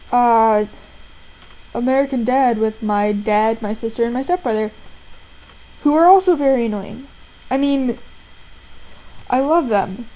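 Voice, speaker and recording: Young woman, high mellow voice, rambling profane rant to a webcam at home. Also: poor audio. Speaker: vlogger. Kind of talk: ranting casual vlog. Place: indoors at home, seated.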